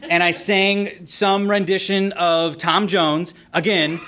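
Animated man telling a live story. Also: high voice, takes it slowly, background noise. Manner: animated, playful, theatrical.

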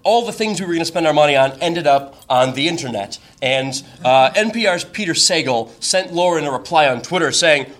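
Man, bright voice, fairly high, comic storyteller, wry asides, lots of fillers. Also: lively intonation, fairly quick, few pauses. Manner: rambling, many fillers and self-interruptions.

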